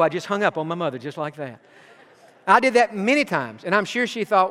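A man's voice: high voice, expressive, brisk, a bit bright, big-room sound. A middle-aged man preaching a sermon as pastor, earnest and personal, telling stories from his own life. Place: church sanctuary.

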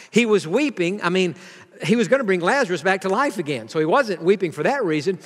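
A man's voice: sits high, a bit bright, in a large hall. A pastor preaching a sermon to his congregation in an earnest way, now and then asking them to repeat a line with him.

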